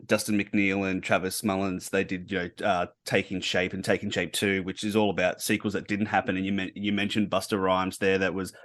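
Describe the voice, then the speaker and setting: Male podcast host, lowish voice, hesitant questioner, dry close sound. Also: little pitch movement, fairly quick, hardly any pauses, fairly bright tone, no room sound. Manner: hesitant, searching for words with many restarts. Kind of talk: casual interview.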